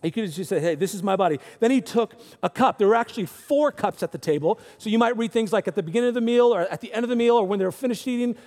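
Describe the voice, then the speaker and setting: Guy preaching a sermon, talks loose like dude and bro, voice up high, big echoey hall. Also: racing, few pauses. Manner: casual, animated, says dude and bro. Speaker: pastor. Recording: long hall reverb.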